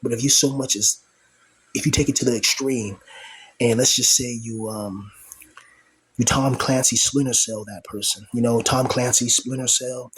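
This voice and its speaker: A man's voice: medium pitch, fairly even intonation, normal speed, fairly bright tone, breathy edge, poor audio. Aggrieved young man ranting to camera. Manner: rambling, aggrieved, many restarts and fillers. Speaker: vlogger. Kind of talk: casual monologue to camera.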